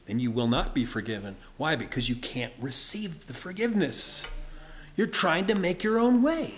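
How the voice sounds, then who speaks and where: A man's voice: a little high, big pitch swings, normal speed. A man preaching a sermon in an earnest, emphatic manner, often breaking into light laughs. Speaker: pastor.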